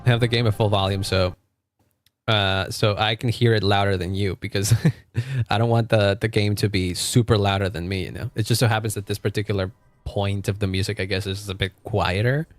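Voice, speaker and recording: A man talks to his chat while playing a game on stream, offering casual, reactive commentary. His fairly low voice is steady in tone and brisk, with no echo, and faint game music is audible.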